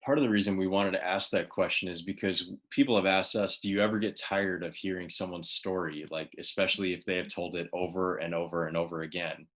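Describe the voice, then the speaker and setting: Deep-voiced, measured man podcast host. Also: fairly even intonation, a bit bright. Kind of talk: conversational interview.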